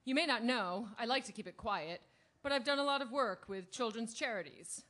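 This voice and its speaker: A woman's voice: fairly high pitch, normal speed, a bit bright, lightly acted. A woman playing a gushing TV star. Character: gushing famous TV actress writing a charity letter. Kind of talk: audio drama reading.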